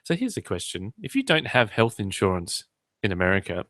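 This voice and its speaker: A man's voice: fairly low pitch, wildly swooping pitch, a little fast, a bit bright, no echo, studio quality. A man hosting a podcast in casual chat, cracking irreverent jokes. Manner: joking, irreverent banter. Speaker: podcast host.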